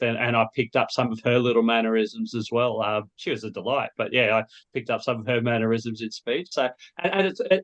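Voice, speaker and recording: A middle-aged Australian man talks as a guest author, thoughtful and reflective. He pauses slightly as he gathers his words, in a mid-range voice. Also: medium pitch, fairly bright tone. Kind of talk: casual interview chat.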